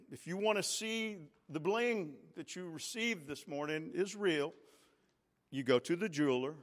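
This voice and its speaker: A man's voice: fairly high pitch, lively intonation, measured pace, long reverb tail. A man, a pastor, preaching a sermon with call-and-response and swelling emphatic peaks. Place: large church sanctuary.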